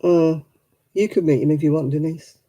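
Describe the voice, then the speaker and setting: A woman's voice: low-pitched, moderate pace, mellow, highs cut off. A woman hosting a casual craft live stream, chatty and rambling, laughing often.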